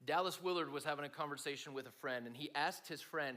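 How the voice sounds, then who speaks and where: A man's voice: on the high side, fast, bright, forceful tone. Man preaching in a casual, chatty way. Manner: conversational preaching, addresses the room directly. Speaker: speaker at a student gathering. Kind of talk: sermon.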